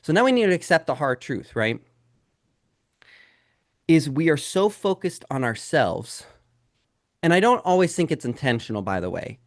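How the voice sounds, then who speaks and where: This man, a real estate sales trainer, teaches a live sales webinar, addressing listeners directly as "guys" and peppering them with rhetorical questions. His higher-leaning voice swings widely in pitch at a moderate pace, broken by long pauses. The recording is studio quality with no room sound.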